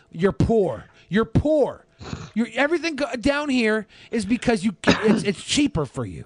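A man's voice: sits high, measured pace, dry recording. A man co-hosting a podcast, arguing heatedly in casual banter, swearing freely. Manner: animated, heated, profane. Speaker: podcast co-host.

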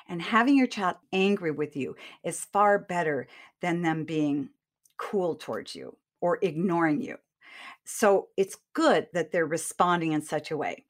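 A woman giving earnest, direct advice to parents, talking straight to the listener in a coaching manner. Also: on the low side.

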